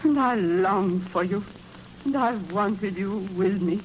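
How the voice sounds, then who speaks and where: An actress playing a dramatic, wounded actress wife in a 1940s radio play, theatrical and indignant. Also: female voice, mid-range voice, slow, natural voice, low-quality recording. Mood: tender. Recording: old radio broadcast with faint hiss.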